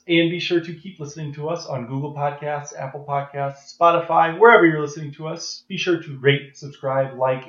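A man co-hosting a casual podcast, relaxed and hesitant with lots of fillers. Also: on the high side. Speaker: podcast co-host. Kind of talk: casual chat. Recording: echoey, dull lo-fi sound.

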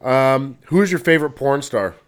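A man's voice: medium pitch, expressive, moderate pace, clean tone. A man hosting a podcast, asking brief, laid-back questions with fillers. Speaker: podcast host. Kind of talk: casual interview questions.

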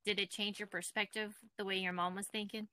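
A woman hosting and asking her guests questions, with soft affirmations. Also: mid-range voice, flat delivery, brisk, a little hiss or hum. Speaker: host, interviewer.

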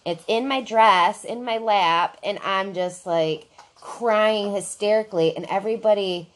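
Woman, casual podcast storytelling, profane, animated, self-mocking, mid-pitched voice. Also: measured pace. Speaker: podcast co-host telling a story.

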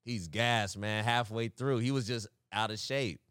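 A man's voice: fairly low pitch, unhurried, fairly bright tone, no echo, studio quality. A young man co-hosting a podcast, telling a story in casual chat, acting out the quotes and laughing often. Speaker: podcast co-host.

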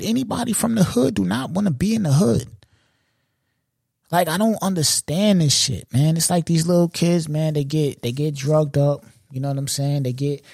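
A man's voice: medium pitch, a little mellow, dry recording, studio quality. A man hosting a podcast in casual commentary, talking in loose profane slang and checking in with the listener often. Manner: loose, profane street slang, frequent "you know what I'm saying". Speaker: podcast host.

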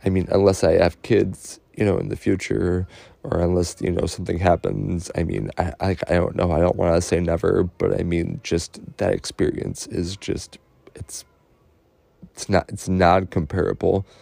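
A man telling a personal story in a halting, earnest way, full of fillers and restarts, openly emotional. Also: low voice, little pitch movement, gravelly, mellow, no echo.

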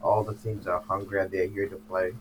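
A man in casual sports podcast chat, blunt and mocking toward his co-hosts. His voice sits fairly low, with a faint hum in the recording. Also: level tone, brisk, rough recording. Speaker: podcast co-host.

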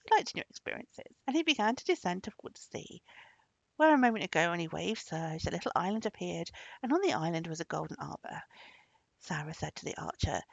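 A woman tells a folk tale in a storybook narration with a lively, swinging intonation. Her voice has a gravelly texture. The recording is dry and sounds dull and lo-fi. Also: on the low side, fairly quick, no echo.

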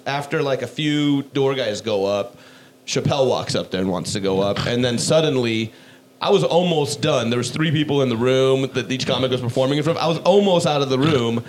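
A man's voice: medium pitch, a little hiss or hum. Laid-back man telling comedy club stories. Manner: laid-back storytelling, swears casually. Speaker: podcast co-host, comedian. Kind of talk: casual podcast chat.

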